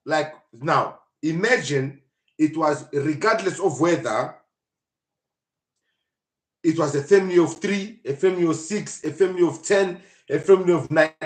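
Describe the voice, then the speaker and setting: Animated, joking man. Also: a little high. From South Africa. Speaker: podcast host. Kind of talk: casual live podcast commentary. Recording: roomy echo.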